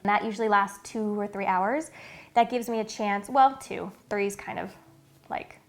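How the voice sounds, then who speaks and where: This thirtysomething mother and vlogger describes her family's routine to camera in a casual, earnest, filler-heavy way. Her mid-range voice stays steady at a moderate pace even as she becomes emotional and near tears.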